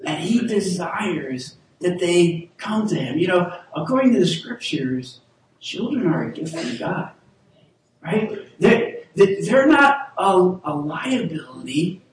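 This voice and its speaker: High-voiced pastor in an echoey hall. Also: male voice, very animated, recorded from a distance. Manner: casual, halting with restarts, leads the room in call-and-response. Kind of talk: sermon.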